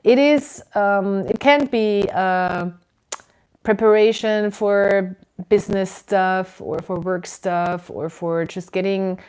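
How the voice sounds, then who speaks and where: A woman giving a casual tarot reading from indoors at home, musing and unhurried, with frequent ums and soft laughs. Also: medium pitch, clear, resonant tone, poor audio. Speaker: tarot reader.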